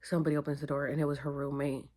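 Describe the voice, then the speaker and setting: A tired, weepy young woman talks to her phone camera at arm's length. Her voice sits fairly low, and she rambles, rushing when a story takes over. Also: level tone, mellow. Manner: emotional, rambling, fast when telling a story. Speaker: vlogger. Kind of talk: casual vlog.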